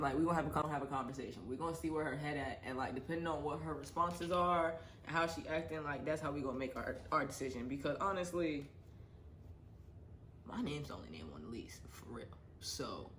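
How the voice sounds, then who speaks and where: Animated woman telling a storytime in an echoey room. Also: low-pitched. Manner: animated, profane, acts out the quarrel. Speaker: vlogger. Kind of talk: casual storytime vlog. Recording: echoey room with faint background noise.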